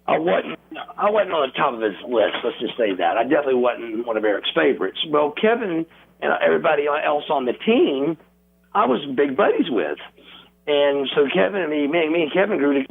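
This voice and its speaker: A man telling wrestling stories as an interview guest, animated and acting out crowd reactions and quotes. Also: fairly high pitch, a little fast, creaky, breathy edge. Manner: animated storyteller, acts out crowd noises and quotes. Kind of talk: casual storytelling interview. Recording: tinny phone line.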